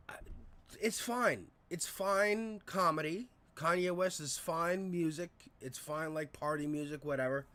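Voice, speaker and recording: A man's voice: mid-range voice, fairly bright tone. Rambling, foul-mouthed male streamer. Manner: rambling, profane storytelling with frequent fillers. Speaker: live streamer. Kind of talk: casual livestream commentary.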